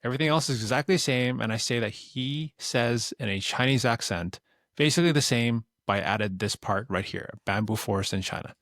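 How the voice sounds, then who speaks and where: Relaxed man explaining a tutorial. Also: medium pitch, a little fast, dry recording, studio quality. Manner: relaxed, explanatory, plain-spoken. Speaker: tutorial creator. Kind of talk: instructional screen-recording explanation.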